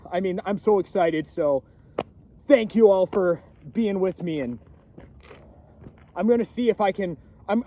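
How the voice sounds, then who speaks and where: Halting outdoorsman, slightly high voice. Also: dark tone. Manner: halting, full of fillers and restarts. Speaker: first-time trapper. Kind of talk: casual outdoor vlog talk. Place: outdoors on a frozen pond. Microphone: camera set on a pack basket a few feet away.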